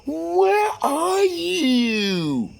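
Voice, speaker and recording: A man voicing a pushy young mistress on the phone, with a high, loud and demanding voice. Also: wildly swooping pitch, very slow, creaky, exaggerated voice.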